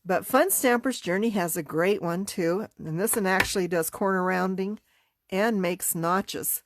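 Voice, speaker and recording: Middle-aged lady with a stuffy nose, slow easy craft demo talk. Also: mid-range voice, noisy background. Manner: chatty, unhurried, talks while working. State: congested, sniffling. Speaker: card-making class teacher. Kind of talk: casual craft tutorial.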